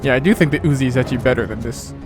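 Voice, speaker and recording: A man's voice: mid-range voice, very fast. A young man giving casual, joking let's-play commentary, swearing and laughing as he plays. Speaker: gamer. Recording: game music behind.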